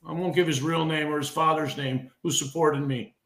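Brief: emotional middle-aged veteran wrestler, a touch high, impassioned with stumbling restarts, echoey room. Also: male voice, steady tone, moderate pace, a bit bright. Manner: impassioned, repeats and restarts words. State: emotional, getting heated. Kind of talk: podcast interview.

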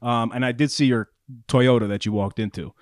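A man's voice: medium pitch, brisk, no echo. Podcast guy chatting with his cohost, does the voices when he tells stories, dry close mic. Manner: animated storyteller, acts out quoted voices. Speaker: podcast co-host. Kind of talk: casual chat.

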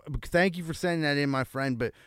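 A man's voice: fairly high pitch, fast talker, clean tone, no room sound, studio quality. A male radio host telling rambling, profane stories in a casual chat. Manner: rambling, profane storytelling with lots of fillers.

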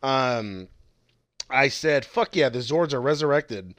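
A man's voice: mid-range voice, expressive, takes it slowly, a bit bright, no echo. A man in casual, heavily profane chat, laughing as he reads out his notes. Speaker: podcast co-host.

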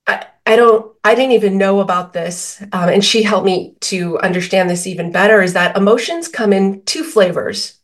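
A woman's voice: mid-range voice, normal speed, hardly any pauses. Woman explaining with everyday examples. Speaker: author and guest. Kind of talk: podcast interview.

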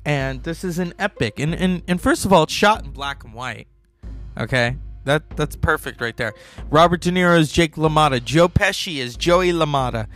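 A man's voice: fairly high pitch, normal speed, a bit bright, soft background music. Rambling male podcast host. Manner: rambling, chatty. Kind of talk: casual film commentary.

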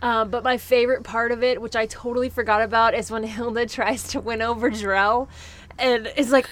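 Woman host, slightly high, eager retelling of scenes. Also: steady tone, moderate pace, fairly bright tone. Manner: enthusiastic, quotes scenes in voices. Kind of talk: casual chat.

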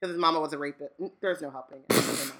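A woman's voice: low-pitched, quick pace, fairly bright tone. A woman co-hosting a podcast in casual book chat, joking and repeating lines for laughs. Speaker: podcast co-host.

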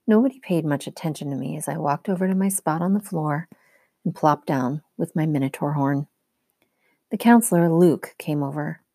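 A woman teacher reading a novel aloud in a steady, clear storytelling manner. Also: low voice, no echo, clean studio sound.

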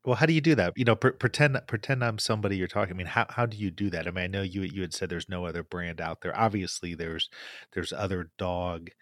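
A man with a low voice hosting a business interview. He asks questions, often restarting his sentences, in a dry, close recording. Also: fast talker, a bit bright, no echo. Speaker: podcast host.

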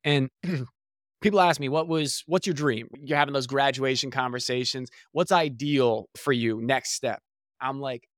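A man from New Jersey, a guest who coaches people, telling his story in an animated way and sometimes slipping into mock voices. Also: a little high, moderate pace, dry recording, clean studio sound. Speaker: podcast guest, career coach. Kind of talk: conversational storytelling.

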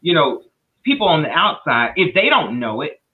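Woman host calling in, lively voice, sounds tinny like a phone. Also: deep voice, moderate pace. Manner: encouraging, animated affirmations. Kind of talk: faith talk conversation. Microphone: remote call. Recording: tinny remote phone line.

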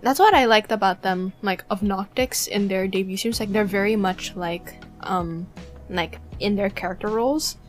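A woman's voice: mid-range voice, normal speed, soft background music. A young woman from Malaysia co-hosting a podcast, chatting casually and gushing as a fan, with frequent giggles. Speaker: podcast co-host. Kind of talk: casual chat.

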